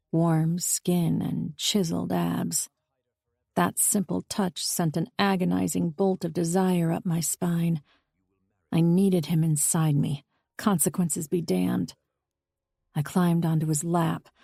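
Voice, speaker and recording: A woman reading a first-person audiobook novel in a steady, intimate way. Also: fairly low pitch, vocal fry, husky, no echo, clean studio sound. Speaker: audiobook narrator. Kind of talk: scripted first-person narration.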